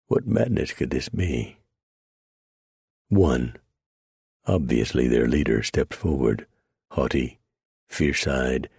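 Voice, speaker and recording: Very deep, husky male audiobook narrator. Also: warm tone, no room sound, clean studio sound. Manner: measured, dramatic storytelling.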